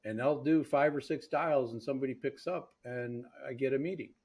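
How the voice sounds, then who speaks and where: A man of middle pitch hosts a sales podcast and talks emphatically in casual conversation, with energetic bursts when he makes a point. He speaks as a sales coach sharing what he has seen on the job. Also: a little fast, slightly rough.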